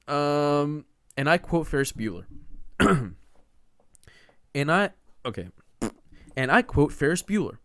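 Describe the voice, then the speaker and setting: A man's voice: a little high, big pitch swings, slow, long pauses, fairly bright tone, dry recording. A man hosting a podcast, giving a riled-up, slangy rant that he keeps peppering with "dude" and "man.". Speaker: podcast host. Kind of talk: casual ranting monologue.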